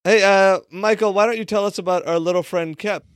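A man's voice: sits high, steady tone, brisk, clear, resonant tone, no room sound, clean studio sound. A man co-hosting a podcast, teasing the others and directing the banter. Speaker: podcast co-host. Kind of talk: casual banter.

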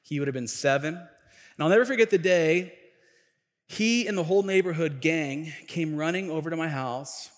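A middle-aged male pastor telling a story in a sermon, chatty and animated, with restarts and asides. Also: fairly high pitch, moderate pace. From Tacoma, Washington. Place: church sanctuary. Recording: echoey church hall.

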